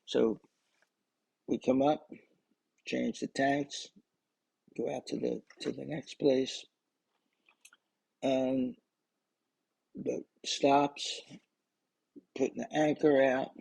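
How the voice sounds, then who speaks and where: An older man records memories for his grandchildren, telling a personal story in a casual, rambling way full of restarts and asides. His medium-pitched voice is expressive but slow, with vocal fry, long pauses, a darkish tone and a breathy edge, all on a low-quality recording.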